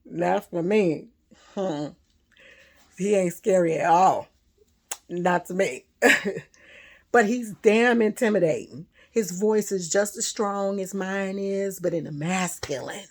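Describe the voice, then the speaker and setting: A woman telling a personal story in a casual monologue, loud and animated, laughing often. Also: mid-range voice, slow pace, pauses often. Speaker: spiritual vlogger.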